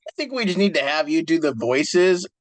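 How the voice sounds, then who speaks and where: A man's voice: a little high, animated, fairly quick, no room sound. A man co-hosting a casual podcast, easygoing and laughing along with his co-host. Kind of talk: casual chat.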